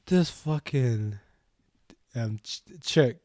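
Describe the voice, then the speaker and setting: A young man with a New Zealand accent chats on a podcast, telling a story with plenty of swearing and acted-out quotes. His voice sits at an ordinary pitch and is recorded dry and close. There is no room sound around it. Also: very slow, no room sound. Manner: animated storyteller, swears a lot, acts out quotes. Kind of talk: casual podcast chat.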